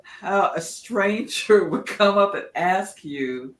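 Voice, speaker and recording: A woman's voice: mid-range voice, animated, slow. A middle-aged woman co-hosting a casual chat, reacting with sympathy and asking many questions. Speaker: podcast co-host. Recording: echoey room.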